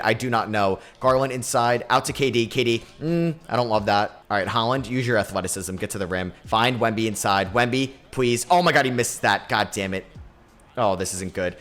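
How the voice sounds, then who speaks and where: A young man narrates his basketball video game as he plays, reacting out loud. He drops into low, muttered asides and then jumps into loud, high yells when things go right or wrong. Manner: excitable, swings between mumbling and yelling. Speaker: gaming YouTuber.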